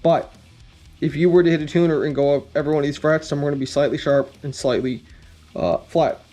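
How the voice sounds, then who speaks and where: A man walks through guitar setup in a loose, rambling teaching style, full of ums and the odd blunt curse. His voice sits a bit high for a man but sounds warm and mellow. A faint guitar plays behind him. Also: brisk. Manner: relaxed, rambling, frequent ums, blunt mild cursing. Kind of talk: casual instructional talk.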